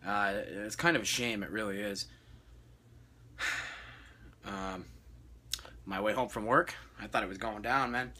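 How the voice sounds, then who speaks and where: A man's voice: on the low side, unhurried, long pauses, pushed and bright, a little hiss or hum. A young man ranting casually and profanely about his day, exasperated and blunt. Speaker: vlogger. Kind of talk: casual rant.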